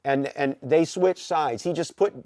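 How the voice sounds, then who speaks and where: A man from the Pacific Northwest, a podcast guest telling an animated story with many "you know" fillers. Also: fairly high pitch, unhurried, no echo, clean studio sound. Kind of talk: casual storytelling.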